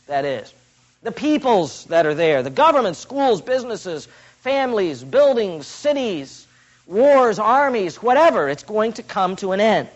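Emphatic high-voiced male preacher, lo-fi. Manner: emphatic, builds up key phrases slowly for stress. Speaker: pastor. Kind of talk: expository sermon.

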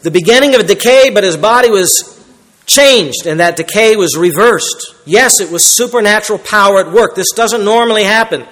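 A man preaching an emphatic sermon as a pastor, swinging between loud declarations and quiet asides. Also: high voice, normal speed. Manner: emphatic preaching, rising and dropping in loudness. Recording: long reverb in a large hall.

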